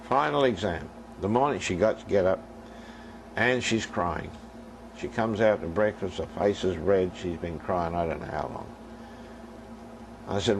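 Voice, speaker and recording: A man's voice: mid-range voice, expressive, moderate pace, gravelly, slight background noise, poor audio. An older man preaching a sermon as a minister, telling stories and acting out their dialogue for his congregation.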